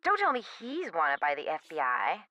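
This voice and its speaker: A woman's voice: low voice, huge pitch swings, moderate pace, bright, forceful tone, no echo, dull audio, full character voice. An actress voicing a flippant, sarcastic young woman artist in a video game, full of slang. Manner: sarcastic, valley-girl slang.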